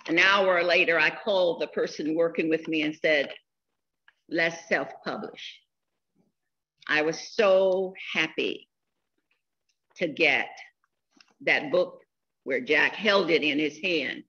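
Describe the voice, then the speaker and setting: A woman in her sixties giving a funeral eulogy, telling stories in a slow, heartfelt way. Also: sits low, pushed and bright, dull audio. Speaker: eulogy speaker.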